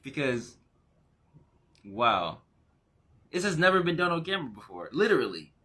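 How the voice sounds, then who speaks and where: A man talking casually as a spiritual teacher. He gets excited, laughs, and jumps into high exclamations, then slows and goes quiet when he turns reflective. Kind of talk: casual spiritual vlog talk.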